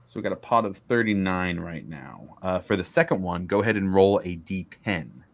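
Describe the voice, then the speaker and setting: A man's voice: deep voice, lively intonation, moderate pace, vocal fry. A man narrating as game master of a tabletop game, hesitant and full of fillers.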